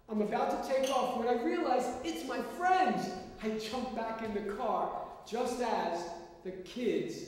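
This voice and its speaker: A man performing a one-man stage monologue, telling his story theatrically and swinging from hushed lines to shouting. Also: high voice. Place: theater stage before an audience. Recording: roomy hall, miked from far off.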